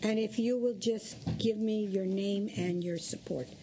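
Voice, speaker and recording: Female chair running a hearing briskly, clear background ambience. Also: medium pitch, noisy background. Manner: brisk, procedural. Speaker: committee chair.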